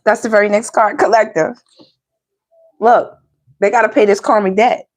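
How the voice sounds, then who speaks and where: Woman, chatty tarot reader, mid pitch, laughs a lot. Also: steady tone, normal speed. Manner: chatty, talks straight to viewers, laughs often. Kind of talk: casual tarot reading chat.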